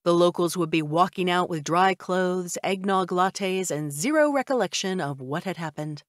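A woman's voice: fairly low pitch, moderate pace, no room sound, clean studio sound. A woman narrating a first-person audiobook in a wry, conversational way.

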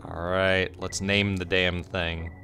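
A young man giving casual, excitable commentary over his own gameplay, swearing freely and breaking into yelps and laughter. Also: sits low, takes it slowly, vocal fry, faint music behind. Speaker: gameplay streamer.

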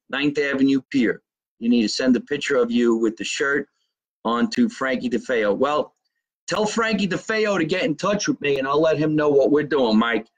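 A man's voice: mid-range voice, highs cut off. A middle-aged man with a New Jersey accent, a comedian from Jersey City, chatting casually on a live stream and reading out fan comments in a brash, profane, joking way. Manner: brash, profane, jokey, slows down to spell out contact details.

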